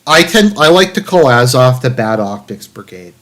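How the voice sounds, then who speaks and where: Guy on a stream reading some article out loud all fake-dramatic, then muttering snarky asides, average pitch. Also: very animated, normal speed. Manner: reads passages in a raised, mock-dramatic tone, then cuts in with dry, sarcastic asides; profane, rambling, many fillers. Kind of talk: live commentary on an article.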